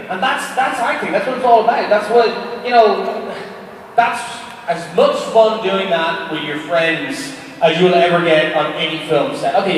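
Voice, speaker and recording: A man with a high voice answers fan questions in an animated, self-mocking way, swearing here and there. He is heard from a distance in a big echoey convention hall with a long reverb. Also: a little hiss or hum. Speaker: actor and panel guest. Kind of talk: convention panel Q&A.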